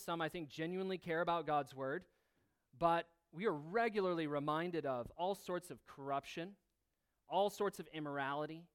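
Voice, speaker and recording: A man's voice: a little high, smooth. A man preaching a sermon, earnestly reading scripture aloud and drawing on everyday examples. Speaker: pastor.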